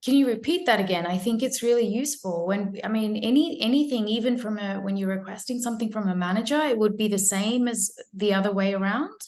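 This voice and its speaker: A woman's voice: mid-range voice, fast talker, few pauses, a little mellow. A woman hosting an interview, asking encouraging follow-up questions. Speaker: interview host. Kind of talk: conversational interview. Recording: echoey room.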